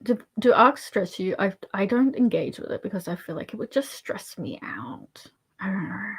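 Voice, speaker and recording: Australian woman, livestream host, chatty and soft-spoken, voice rises and falls a lot, slips into near-whispers. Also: medium pitch, very animated, moderate pace, breathy edge. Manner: soft-spoken, rambling, often dropping to a murmur. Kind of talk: casual livestream chat.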